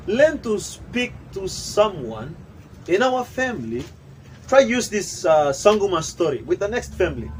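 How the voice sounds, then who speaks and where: High-voiced emphatic male workshop trainer. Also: slight background noise, poor audio. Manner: preachy, emphatic, switches into local language. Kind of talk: animated workshop talk. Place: training room.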